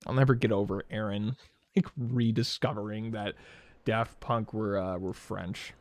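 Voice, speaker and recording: A man's voice: lowish voice, steady tone, measured pace, a little mellow, no room sound. A young man streaming a game, chatting casually in a rambling, profane way full of "like" fillers. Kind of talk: casual chat while setting up a game stream.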